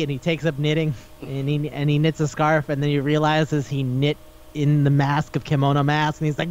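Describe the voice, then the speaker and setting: A young man co-hosting a casual podcast, swearing a lot and acting out characters in animated voices. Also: fairly high pitch, brisk. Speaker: podcast co-host. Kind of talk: casual chat about anime. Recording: dull lo-fi podcast recording.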